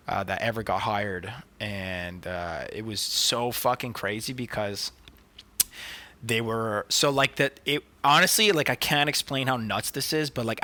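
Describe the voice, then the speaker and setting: A man's voice: lowish voice, pushed and bright, dry recording. A man co-hosting a podcast, telling stories in casual chat, swearing often and filling with "like" and "dude". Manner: profane, filler-heavy storytelling. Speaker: podcast co-host.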